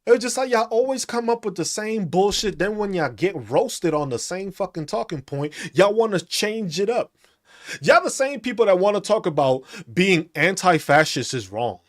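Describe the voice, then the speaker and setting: Male podcast host, mocking and crude, high voice that swings a lot. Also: animated, moderate pace. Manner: mocking, profane, laughing between taunts. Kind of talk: ranting commentary reacting to comments.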